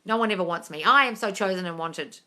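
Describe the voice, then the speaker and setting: A lowish, quick-paced female voice belongs to a young adult woman hosting an informal live question-and-answer stream. Calling everyone darling, she talks bluntly with plenty of swearing, animated and given to sudden loud, excited bursts.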